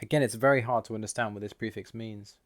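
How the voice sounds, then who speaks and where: Lowish man explaining language points. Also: fairly even intonation, fairly bright tone, dry recording, studio quality. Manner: measured, reads out word lists slowly. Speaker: language learner explaining Russian. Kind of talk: scripted voice-over explanation.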